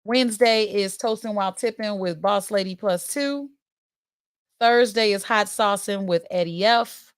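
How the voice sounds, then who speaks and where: A woman in her forties hosts a live-stream talk show with an animated, candid storytelling style. She slips into other people's voices as she speaks. Her pitch sits in the middle, and the sound is dry and close. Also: a little slow, clean tone, no room sound. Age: 40s.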